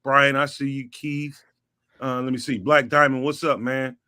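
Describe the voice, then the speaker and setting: A man's voice: medium pitch, flat delivery, unhurried, pushed and bright, smooth. A man, guest on a sports talk show, talking casually with lots of slang and repeated fillers. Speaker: guest, network founder.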